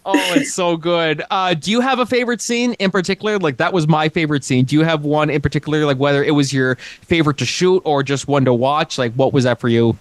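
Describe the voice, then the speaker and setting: A man hosting a casual podcast interview, excitable and rambling, often laughing and swearing mildly. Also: a little high, fast, few pauses, dry recording. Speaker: podcast host.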